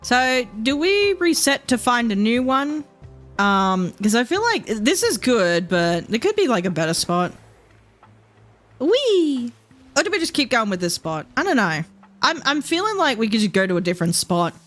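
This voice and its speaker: A young woman livestreaming a game, chatting casually and thinking out loud in a rambling, easygoing way. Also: fairly high pitch, very animated, moderate pace, soft background music. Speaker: streamer. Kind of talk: casual gameplay chat while livestreaming.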